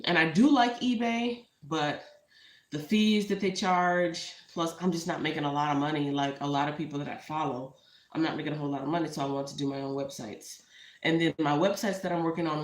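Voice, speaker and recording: A woman with a Texan accent chatting casually and rambling to live viewers about her small online business, speaking into a tablet on a shelf at home. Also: deep voice. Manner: chatty, rambling, talks to viewers and her cat between thoughts. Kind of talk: casual live-stream chat. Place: home room. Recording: echoey room on a tablet mic.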